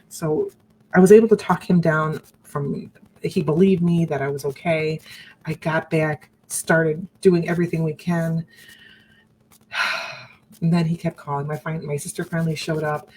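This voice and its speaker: Woman, low voice, candid personal storytelling, earnest, restarts sentences. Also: darkish tone, slight background noise, low-quality recording. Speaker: survivor sharing her story.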